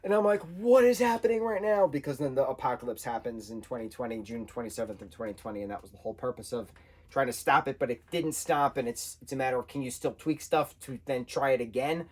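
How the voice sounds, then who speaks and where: A man giving an excitable, casual review monologue, peppered with slang and repeated exclamations. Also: mid-range voice, fast talker, slightly rough. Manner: excitable, animated, repeats slang like "bro" and "wild". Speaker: show reviewer.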